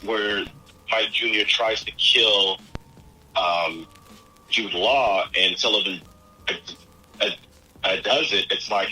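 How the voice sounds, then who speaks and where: A man co-hosting a podcast, chatting casually about a film in a rambling, halting way and acting out movie lines. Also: fairly low pitch, pushed and bright, slightly rough, rough recording. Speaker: podcast co-host.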